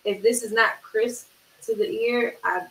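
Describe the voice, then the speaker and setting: A woman, a music producer, chatting casually in an interview, agreeable and quick to chime in. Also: a little high, steady tone. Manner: agreeable, talks in quick bursts, many "yeah"s. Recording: roomy, distant mic with faint hiss.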